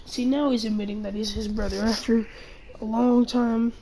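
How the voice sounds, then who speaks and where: A teenage girl rants into the camera in a rambling, halting way, tripping over restarts as she grows indignant. Her voice sits a little high, but she barely moves it up or down. A faint hum of room sound lies underneath. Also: little pitch movement, dark tone, rough recording. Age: teens. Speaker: channel owner. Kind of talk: ranting vlog.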